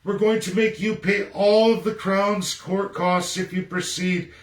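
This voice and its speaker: A man's voice: sits high, steady tone, a little slow, reverberant, recorded from a distance. A Canadian man ranting angrily on a livestream, emphatic and repetitive. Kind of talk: angry political rant on a livestream. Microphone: phone or webcam on a livestream.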